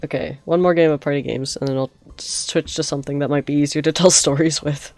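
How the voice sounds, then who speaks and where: A woman's voice: deep voice, fairly even intonation, a little fast, darkish tone, soft background music. A young woman streaming a game, chatting and telling rambling stories with frequent giggles. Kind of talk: casual gameplay storytelling.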